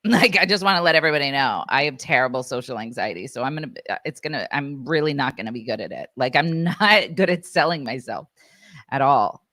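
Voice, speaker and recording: A woman's voice: rumbling low, expressive, a little fast, fairly bright tone, no room sound, studio quality. A woman co-hosting a podcast in casual chat, self-deprecating and acting out quoted voices as she tells stories. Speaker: podcast co-host.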